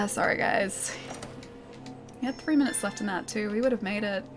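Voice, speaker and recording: A woman's voice: mid-range voice, fast talker, music in the background. An Australian woman streaming a game, chatting casually with her viewers and laughing often. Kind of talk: casual live-stream chat while gaming.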